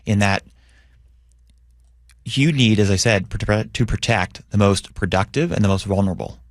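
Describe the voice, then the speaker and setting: A man appearing as a police union president on a radio show, explaining his points in a measured way and often checking in with "right?". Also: lowish voice, no room sound, clean studio sound. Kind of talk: radio interview.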